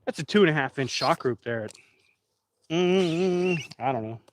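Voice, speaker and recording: A man's voice: on the high side, animated, moderate pace, slight background noise. Chatty man live-streaming. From Pennsylvania. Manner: rambling, chatty, talks straight to the chat. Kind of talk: casual live-stream chat.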